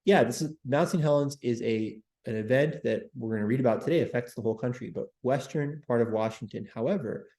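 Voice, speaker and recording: A man's voice: mid-range voice, fairly quick, hardly any pauses, warm tone, roomy sound. A man hosting a history livestream, chatting with viewers and repeating words as he talks. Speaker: host. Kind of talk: livestream history talk, reading chat.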